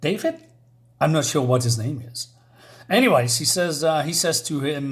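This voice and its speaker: Man, fairly high voice, hesitant, fillers, casual comic review. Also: animated, normal speed. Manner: hesitant, many fillers, chuckling asides.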